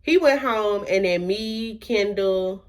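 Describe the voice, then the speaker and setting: Young woman, vlogger doing an animated storytime with acted-out quotes. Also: mid-range voice, slow. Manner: animated, acts out quotes with hushed asides. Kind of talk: storytime vlog.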